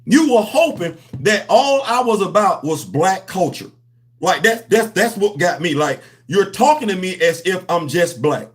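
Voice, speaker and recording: Animated high-voiced man ranting on a livestream. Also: a little slow. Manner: animated, preachy, slangy, addresses chat directly. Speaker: host of a comics livestream. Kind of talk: casual livestream commentary.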